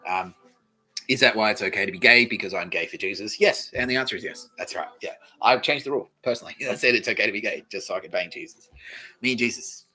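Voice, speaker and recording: A man's voice: fairly low pitch, fast, pushed and bright, breathy edge, poor audio. A man with an Australian accent hosting a comedy podcast, rambling through a crude, swearing, giggly monologue. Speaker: podcast host.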